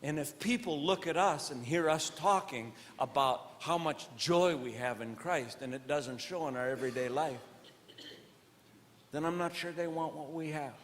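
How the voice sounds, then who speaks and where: Slightly high-voiced and moderately paced, a male comedian works a live stage show, directly questioning audience members. He veers from earnest preaching into loud jokes, and the hall adds long reverb over faint noise.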